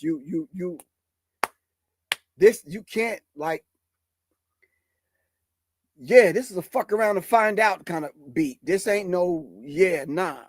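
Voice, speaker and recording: A man with a raspy voice talking casually and bluntly to a live audience about a beat in his studio, cursing and checking that they follow. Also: sits high, expressive, takes it slowly, pauses often, no echo. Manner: blunt, profane, emphatic, keeps asking if you follow. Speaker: hip hop artist and producer.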